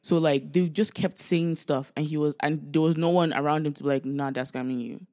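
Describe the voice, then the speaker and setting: Woman, 20s, from Canada, podcast co-host; a lively, profane storyteller who acts out her family. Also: low-pitched, brisk. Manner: animated storytelling, swearing freely, acting out quoted family members. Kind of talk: casual chat.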